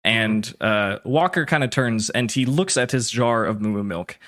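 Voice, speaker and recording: A man narrating a tabletop role-playing game as game master in a relaxed, descriptive way. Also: lowish voice, moderate pace.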